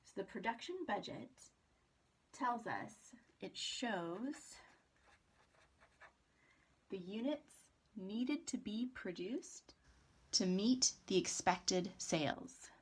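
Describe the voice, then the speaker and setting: A woman's voice: medium pitch, lively intonation, slow, long pauses, husky. A woman professor giving a recorded accounting lecture in a chatty way, asking rhetorical questions and muttering to herself while she writes.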